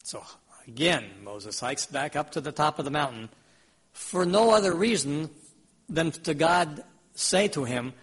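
A man preaches a sermon conversationally, retelling scripture in everyday words and putting questions to his listeners. His fairly high, husky voice is expressive and fairly bright, with a measured pace.

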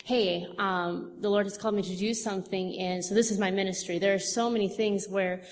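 In a testimony to a church audience, a young woman of medium pitch and steady tone talks a little fast about her witnessing. Her talk is chatty and rambling, heavy with fillers and restarts, and the hall gives long reverb along with faint noise.

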